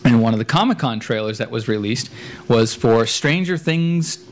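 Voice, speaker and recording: A man's voice: medium pitch, expressive, moderate pace, a little hiss or hum. A man co-hosting a casual podcast, giving rambling reviews with jokey asides. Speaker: podcast co-host. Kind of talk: casual chat. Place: echoey room at home.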